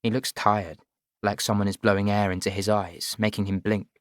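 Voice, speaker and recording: A man's voice: lowish voice, flat delivery, moderate pace, no room sound. Man reading a first-person audiobook, dry sound. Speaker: audiobook narrator.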